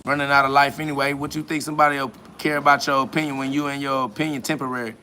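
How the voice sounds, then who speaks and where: A man's voice: mid-range voice, flat delivery, very fast, pushed and bright, slight background noise. A man hosting a podcast, answering listener comments in a profane, mocking spiritual rant.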